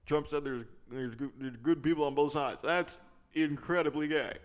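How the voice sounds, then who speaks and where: A man's voice: a little high, fairly even intonation, moderate pace, pitched above the performer's own voice, lightly acted. A man spoofing an offhand mock president. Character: mock former male president, jokey and offhand.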